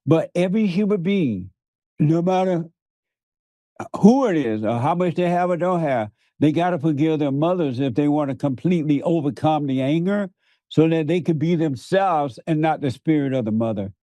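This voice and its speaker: A man's voice: fairly high pitch, animated, moderate pace, warm tone, dry recording. A male guest who talks like a preacher, hammering points home by repeating words and laughing often between them. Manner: emphatic, repeats words for force. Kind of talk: preaching in conversation.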